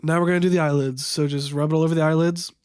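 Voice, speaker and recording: A man's voice: a little high, little pitch movement, darkish tone, smooth, no room sound, studio quality. Young man ad-libbing a tutorial voiceover. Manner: halting, unscripted, stumbles over product names; wry, amused at the footage. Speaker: voiceover narrator. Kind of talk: improvised makeup tutorial voiceover.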